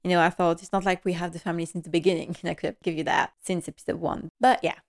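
A woman's voice: fairly low pitch, level tone, fast talker, gravelly. Chatty woman recapping episodes. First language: French. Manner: chatty, retells scenes and quotes characters. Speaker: podcast host. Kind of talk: casual episode recap and commentary.

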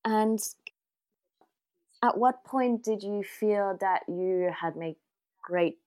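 A woman hosting a casual interview, asking relaxed questions and laughing along with her guest. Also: medium pitch, takes it slowly.

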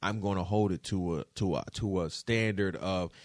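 Animated man telling a story. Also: low voice, moderate pace, dry recording, studio quality. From Detroit. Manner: animated, profane, keeps checking in with the audience. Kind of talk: casual storytelling to camera.

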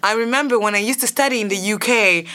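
A woman's voice: fairly high pitch, fast, pushed and bright. A woman from Guadeloupe hosting a casual interview, supportive, with lots of short agreements. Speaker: interview host.

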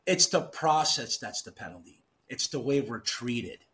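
A man's voice: medium pitch, expressive, a little slow, fairly bright tone. A middle-aged man speaks in an ordinary mid-range voice, leaning on key words as he walks through a process. He is a retired police sergeant talking casually as an interview guest. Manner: emphatic explaining, stresses key words.

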